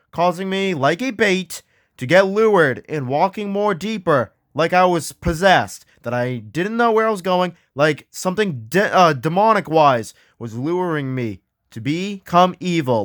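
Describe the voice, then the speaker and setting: High-pitched man for a homemade ghost hunt, slow-paced, excitable, bursts into yells. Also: no room sound, clean studio sound. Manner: excitable, often yelling out names. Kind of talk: acted ghost hunt narration.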